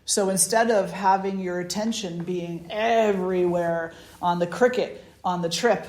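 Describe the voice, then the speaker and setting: A woman's voice: on the low side, unhurried. Chatty woman giving a spiritual talk. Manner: chatty and animated, laughs often, frequent restarts. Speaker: spiritual teacher leading a satsang. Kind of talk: informal spiritual talk with anecdotes. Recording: roomy echo.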